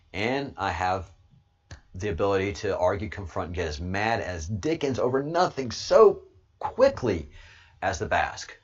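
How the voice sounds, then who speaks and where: An American man hosting his channel in a casual, rambling livestream monologue, excitable and swinging from low mutters to loud outbursts. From United States. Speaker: channel host.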